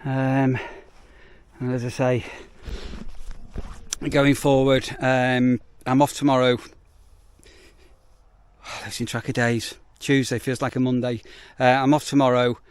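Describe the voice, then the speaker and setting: A man's voice: medium pitch, flat delivery, slow pace, long pauses, smooth, no room sound. A British man, a campsite warden, chatting casually while working outdoors, rambling with frequent ums and out of breath. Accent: British English. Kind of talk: casual outdoor work vlog.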